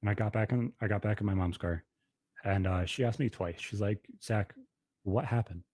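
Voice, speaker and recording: A man's voice: fairly low pitch, brisk, a little mellow, dry recording. A man in his thirties telling a personal story on a podcast in a blunt, profane, emphatic way. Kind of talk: casual podcast conversation.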